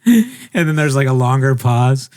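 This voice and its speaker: Brief: young male podcast co-host, casual storyteller, mid pitch, dead-dry mic. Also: unhurried, dry recording. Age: young adult. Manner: rambling, animated, mimics others' voices.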